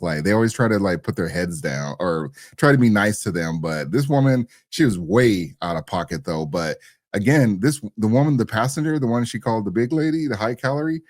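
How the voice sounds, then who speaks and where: A man co-hosting a podcast, reacting to a viral clip in animated, emphatic casual commentary. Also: lowish voice, fairly quick, no room sound, clean studio sound. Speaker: podcast co-host.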